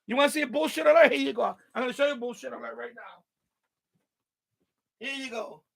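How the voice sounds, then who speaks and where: A man's voice: very high voice, fast, gravelly. A man hosting an amateur radio livestream, in an angry, profane, repetitive rant. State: mad. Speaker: ham radio livestream host.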